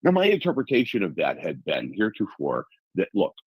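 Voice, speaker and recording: Deep husky alaska guy on a talk show, animated storyteller, dry close sound. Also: a little fast, no room sound, highs cut off. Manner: animated storyteller, colorful comparisons. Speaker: guest. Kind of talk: conversational interview.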